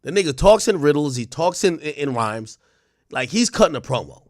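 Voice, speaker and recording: A man's voice: fairly high pitch, sing-song, fairly quick, a little mellow, no echo, studio quality. A young man from Jamaica with a Jamaican accent, hosting a livestream and telling profane stories with many restarts. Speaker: livestream host. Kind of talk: casual commentary.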